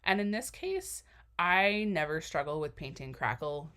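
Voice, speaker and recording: A young woman with a low-pitched voice and a drawl talks through a cookie decorating tutorial in a relaxed voiceover. She rambles cheerfully, trails off into fillers and pokes fun at herself as she goes. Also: measured pace, smooth. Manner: chatty, rambling, self-deprecating, many fillers. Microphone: voiceover mic.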